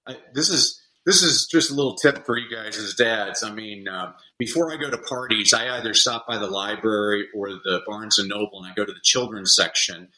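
Bright-voiced man telling animated stories. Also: on the low side, a little fast, few pauses, low-quality recording. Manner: animated storyteller acting out kids' voices. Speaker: guest educator. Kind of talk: casual podcast chat.

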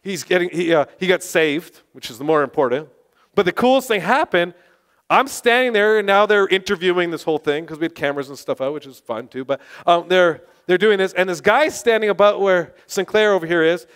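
A man preaching and telling testimony stories with passionate, excitable energy, now and then bursting into shouts. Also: high voice, brisk, smooth. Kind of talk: sermon testimony storytelling.

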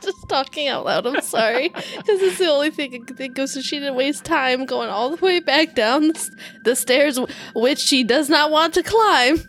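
A woman's voice: high-pitched, moderate pace, fairly bright tone, slight background noise. A woman playing a tabletop game, chatting casually, giggly and apologetic. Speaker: player.

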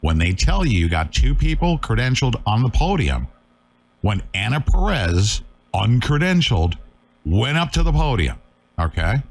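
A man's voice: medium pitch, sing-song, normal speed. A middle-aged man hosting a live talk show, talking urgently and emphatically, scolding his viewers.

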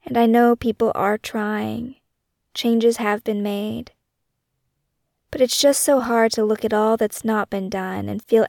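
Woman reading her memoir slow and thoughtful, a bit of fry in her voice, dry close sound. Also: fairly high pitch, darkish tone, dry recording. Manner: measured, reflective reading. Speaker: memoir narrator and podcast author. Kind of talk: scripted memoir narration.

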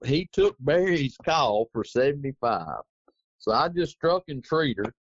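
A man's voice: mid-range voice, a little slow, husky, dry recording. Folksy man spinning a yarn. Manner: rambling, folksy, animated retelling. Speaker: interview guest. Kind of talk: casual anecdotal storytelling. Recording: dry, dull lo-fi recording.

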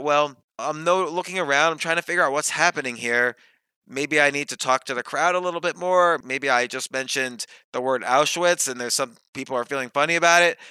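A man who is a podcast guest and author, thinking out loud with examples and questions he puts to himself. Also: a little high, clear, resonant tone, no room sound, poor audio. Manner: thoughtful, explains with examples and self-questions. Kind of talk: reflective podcast conversation.

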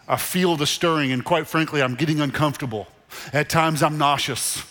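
A middle-aged man preaching a sermon to a church congregation in a conversational, animated way, repeating phrases for emphasis. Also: on the high side, a little fast. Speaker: pastor. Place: church sanctuary. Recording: long reverb of a large hall. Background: congregation in the room.

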